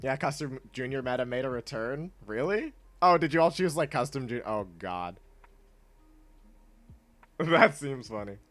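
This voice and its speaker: A young man casually chatting with his chat while playing a video game, laid-back and quick to laugh. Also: medium pitch, expressive, fairly bright tone, faint music behind. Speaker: streamer.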